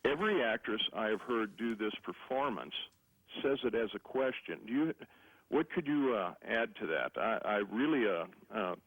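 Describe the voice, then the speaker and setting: A man's voice: on the low side, animated, normal speed, fairly bright tone, husky, no room sound, low-quality recording. A man calling in to ask a question, speaking hesitantly and carefully. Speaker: caller.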